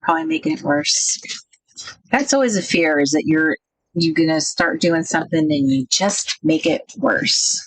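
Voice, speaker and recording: A woman hosting a casual craft livestream, thinking out loud and chatting with viewers about their comments. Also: deep voice, lively intonation, normal speed, no room sound, rough recording. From United States.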